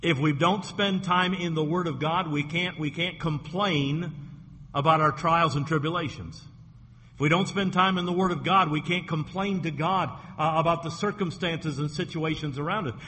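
Bright-voiced pastor preaching in a hall. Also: male voice, fairly high pitch, steady tone, normal speed. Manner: earnest preaching with repeated words. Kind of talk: sermon. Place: church sanctuary. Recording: echoey hall, faint background noise.

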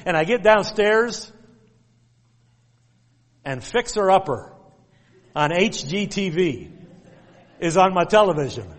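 Slow and animated, pausing often, a high-voiced middle-aged pastor tells folksy stories from the sanctuary and drives home commands by repeating them with emphasis. A long church reverb trails his words.

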